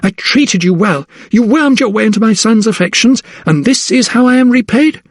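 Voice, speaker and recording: A fierce, desperate young noblewoman, as a male reader puts her on, her voice pushed high and strained as she pleads and cries out. The sound is dry and close, a storybook reading. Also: animated, fairly quick, darkish tone, slightly rough, no echo. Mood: furious.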